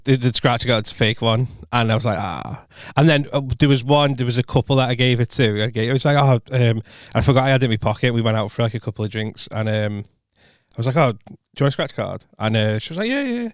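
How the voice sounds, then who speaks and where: Man telling lively pub-style anecdotes. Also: mid-range voice, fast, no room sound, studio quality. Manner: animated anecdotes, acts out quotes, swears freely. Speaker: podcast co-host. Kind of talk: casual chat, storytelling.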